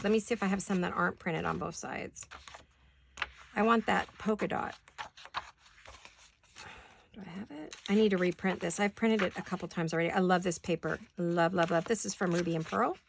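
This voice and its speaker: A woman's voice: mid-range voice, vocal fry, slight background noise. A woman chatting casually to her viewers while crafting in her home studio, thinking aloud and laughing easily. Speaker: paper craft vlogger. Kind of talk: casual crafting chat to camera.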